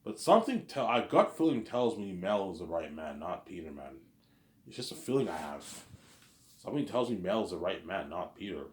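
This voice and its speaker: A man's voice: low-pitched, lively intonation, moderate pace. A man rambling on in a casual monologue, repeating and restarting his phrases. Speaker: vlogger. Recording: echoey room.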